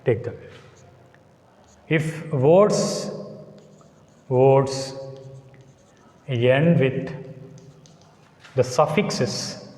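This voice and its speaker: Slow-talking Indian English teacher in echoey hall. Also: male voice, medium pitch, darkish tone. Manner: slow, spells out letters, repeats words, asks "got it?". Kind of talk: classroom lecture.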